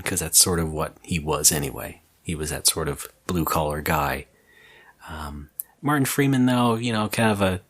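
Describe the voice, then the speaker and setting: A man with a low voice talks in a casual, deadpan way on a podcast. His pitch swings freely as he rambles through his opinions, and his jokes come out dry. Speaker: podcast co-host. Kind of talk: casual chat.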